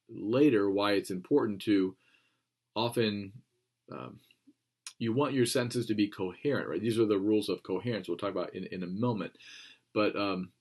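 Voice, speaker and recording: A man giving a classroom lecture on clear writing, explaining plainly with frequent ums and reading passages aloud. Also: on the low side, darkish tone. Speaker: teacher.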